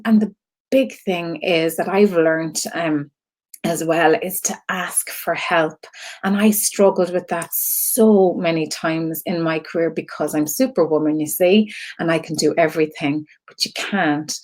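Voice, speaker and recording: An Irish woman hosting a live stream for her creative community, talking in an earnest, rambling way with fillers and laughs, close to tears. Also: lowish voice. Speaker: host of an online creative community. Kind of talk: casual live-stream talk to viewers.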